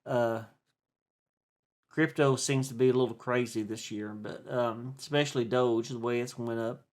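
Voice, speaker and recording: A man's voice: mid-range voice, steady tone, normal speed. A man with an East Tennessee accent, rambling in a chatty, folksy way through a casual vlog monologue, full of fillers and restarts. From East Tennessee, USA. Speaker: stock and crypto video host.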